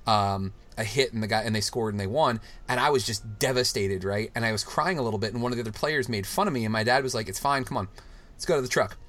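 A man's voice: medium pitch, a bit bright. A young adult man hosting a podcast, telling heartfelt stories in a rambling, casual way with many restarts. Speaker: podcast host. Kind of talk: casual chat.

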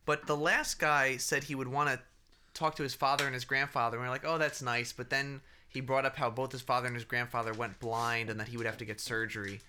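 A man's voice: medium pitch, level tone, a little fast, bright, forceful tone, a little hiss or hum. A man hosting a casual podcast chat, recapping street interviews and laughing often. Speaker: podcast host.

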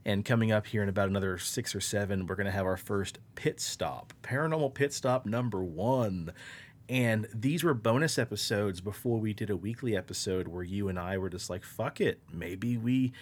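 A man with a fairly low voice co-hosts a podcast in a casual, rambling style. He swears freely and keeps an upbeat, chatty tone. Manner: loose, profane, rambling and upbeat. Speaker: podcast co-host.

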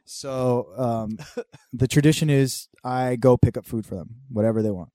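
A mellow, warm-toned man in his forties spins loose, profane anecdotes, laughing and jumping between tangents. The sound is close and dry, with no room around it. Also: medium pitch, steady tone, dry recording. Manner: swearing freely, laughing, quick tangents. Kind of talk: casual storytelling chat.

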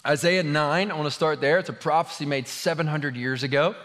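Before an audience in a large hall, a married pastor jokes and chats loosely with his congregation, then prays and reads scripture as part of his sermon. He speaks a little fast in a slightly high, fairly bright voice with a steady tone, and the recording has long hall reverb.

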